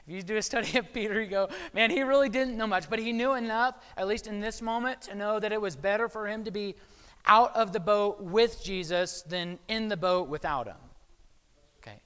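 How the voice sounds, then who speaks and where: This man's high voice sounds pushed and bright, and the recording has a big-room quality. He preaches a sermon in a conversational way, peppering it with frequent "okay?" check-ins for his listeners.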